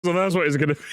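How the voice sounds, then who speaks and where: A man's voice: on the high side, no room sound, studio quality. A man streaming live and reacting to clips, mocking them and laughing a lot. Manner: animated, mocking, laughs often.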